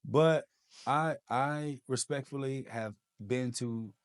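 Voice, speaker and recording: A man's voice: medium pitch, slow. A man, a podcast guest telling his own story with lots of energy and acting out the people in it. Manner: animated, acts out quoted dialogue. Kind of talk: personal storytelling.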